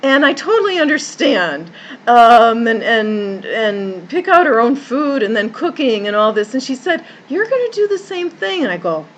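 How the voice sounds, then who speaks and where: A woman's voice: on the high side, big pitch swings, a little slow, slight background noise, rough recording. A woman who works as a life coach, telling a personal story in an earnest way, with many restarts and repeated words. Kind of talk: personal story told to camera.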